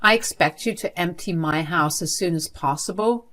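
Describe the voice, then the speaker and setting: A woman voicing a cold, contemptuous older grandmother who runs a school, in a lowish voice. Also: moderate pace, a bit bright, lightly acted. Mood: scornful. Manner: contemptuous and dismissive.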